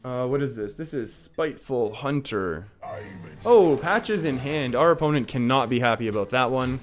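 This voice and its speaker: A man's voice: medium pitch, lively intonation, moderate pace, faint music behind. A young Canadian man with an English Canadian accent, casually commentating a card game and reading viewer comments, laughing often. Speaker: streamer.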